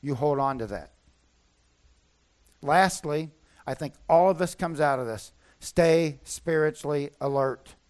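A man's voice: fairly high pitch, unhurried, a little mellow, smooth. A man preaching a sermon as pastor, emphatic and repeating his key points.

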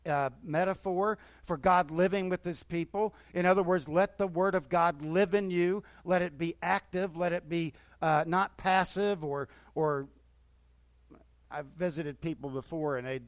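High-voiced pastor preaching, bone-dry sound. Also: male voice, normal speed, dry recording. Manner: conversational preaching with rising bursts of enthusiasm. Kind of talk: sermon.

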